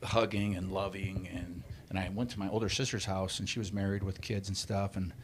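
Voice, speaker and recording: Blunt, low-voiced man in his forties. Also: level tone, a little fast, slight background noise. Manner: blunt and profane, reflective. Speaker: podcast guest. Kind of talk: candid casual chat.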